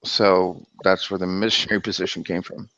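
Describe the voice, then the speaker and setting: A low-voiced man hosts a casual livestream about the Bible, talking in an animated, exclamatory way. His voice comes through dull and lo-fi, with a dry, close sound. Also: no room sound. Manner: animated, exclamatory, quick to laugh. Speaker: livestream host.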